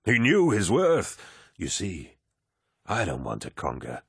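A man's voice: wildly swooping pitch, takes it slowly, creaky, breathy edge, no room sound, clean studio sound, heavily acted. A man voicing a towering, jovial demigod warlord in an audiobook, genial and commanding as he addresses his troops. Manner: genial, booming, warmly commanding. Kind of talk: audiobook character voice.

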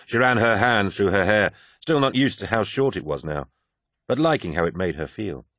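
A man narrating a science-fiction audiobook in a steady, measured way. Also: on the low side, no room sound, studio quality. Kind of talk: scripted narration.

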